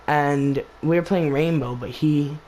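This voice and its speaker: This gaming channel host has a slightly high, darkish voice with fairly even intonation, speaking unhurriedly over a low-quality recording with a bit of hiss or hum. He retells a story in a loose, rambling way, restarting often and leaning on filler like "basically" and "like".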